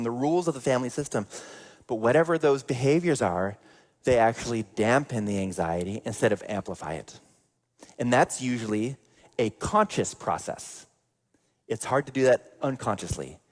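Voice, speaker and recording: A man preaching a sermon in a conversational way, acting out everyday examples. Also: mid-range voice. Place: church sanctuary. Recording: long church reverb.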